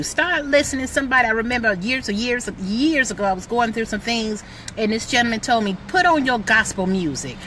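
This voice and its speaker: Middle-aged woman, motivational vlogger, bright and fairly high, emphatic and chatty. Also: a little hiss or hum. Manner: excitable, emphatic, preachy, lots of "like". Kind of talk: motivational talk to camera.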